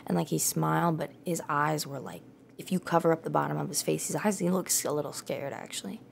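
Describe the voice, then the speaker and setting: A young woman hosts her own podcast in a loose solo monologue. Her voice sits low and carries a gravelly fry as she rambles from thought to thought. She swears freely and fills her talk with "like" and "dude". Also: a little fast, slight background noise. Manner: rambling, profane, lots of "like" and "dude". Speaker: podcast host.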